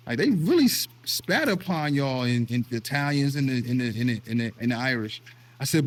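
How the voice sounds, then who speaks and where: Middle-aged man from the US, mid-pitched, earnest and emotional, casual host. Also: expressive, quick pace. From United States. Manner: earnest storytelling, emotional, with repeated restarts. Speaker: vlog host. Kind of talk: casual conversation.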